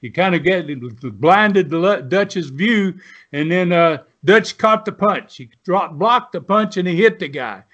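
A man in his seventies from the United States, a former pro wrestler appearing as a guest, tells long, rambling stories in a folksy, casual way, full of restarts and fillers. His voice is high-pitched, a bit bright, and measured in pace. The recording has a dull lo-fi sound.

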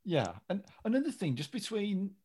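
A man co-hosting a casual podcast chat, chatty and quick to laugh. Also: high voice, big pitch swings, warm tone, husky. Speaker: podcast co-host.

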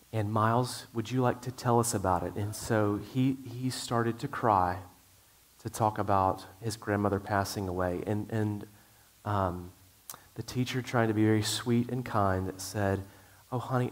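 A middle-aged male pastor preaching a sermon in an earnest way, with frequent restarts. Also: on the low side.

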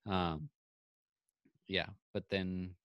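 A man with a fairly low voice chats casually on a podcast and retells a story. He acts out the quoted back-and-forth with lively shifts. The sound is dry and close, with no room echo. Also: drawn-out words, clear, resonant tone, lo-fi sound. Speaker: podcast co-host. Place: home, on a video call.

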